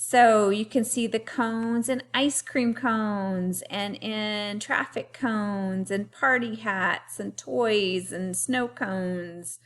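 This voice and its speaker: A woman teacher giving a remote lesson to young children, talking clearly and having them repeat words after her. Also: mid-range voice. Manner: slow, clearly paced teacher talk with call-and-repeat.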